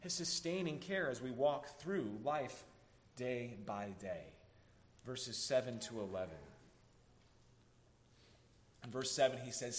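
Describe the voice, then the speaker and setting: A man preaching an earnest sermon as a pastor, slowing down to stress key words. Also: mid-range voice. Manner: earnest preaching, slows down for emphasis.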